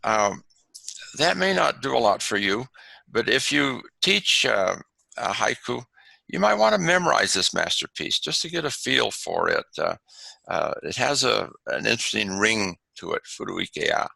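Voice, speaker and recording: A man gives a lesson from slides over a video call, talking in halting bursts full of fillers. His voice is gravelly and bright with a lot of movement in the pitch, and the sound is dry and close. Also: big pitch swings, no room sound, low-quality recording. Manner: halting, many fillers and restarts. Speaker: webinar presenter on haiku.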